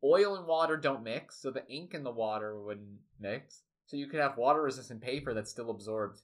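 A young man casually improvising a silly story with a friend, rambling and restarting his sentences. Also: medium pitch. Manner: rambling, restarts, quick asides.

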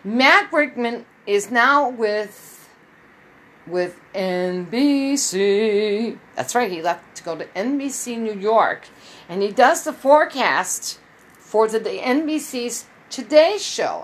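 A woman's voice: on the high side, animated, takes it slowly, rough recording. A woman telling her viewers a long personal story in a casual, rambling way, with many restarts and quoted dialogue. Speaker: vlogger.

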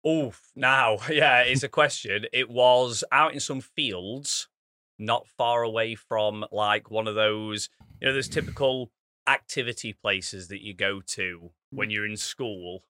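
A bright, sharp voice reacts loudly in a laddish podcast chat. The sound is close and dry, and he laughs a lot. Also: fairly low pitch, slow pace, dry recording. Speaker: podcast co-host. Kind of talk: casual chat.

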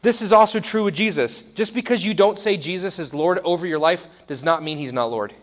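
A man's voice: high voice, brisk. A man in his thirties giving a conversational sermon, wry and self-deprecating. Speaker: pastor.

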